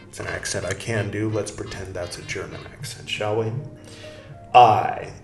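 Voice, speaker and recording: Slow, irreverent man reading aloud. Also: fairly low pitch, lively intonation. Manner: irreverent, jokey asides, swears. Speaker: podcast host reading aloud. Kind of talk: reading a text with wry commentary. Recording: roomy echo, faint music.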